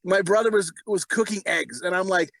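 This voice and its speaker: A man's voice: sits high, moderate pace, a bit bright, no room sound. A man hosting a casual podcast, crude and rowdy, swearing constantly as he jokes. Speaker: podcast host.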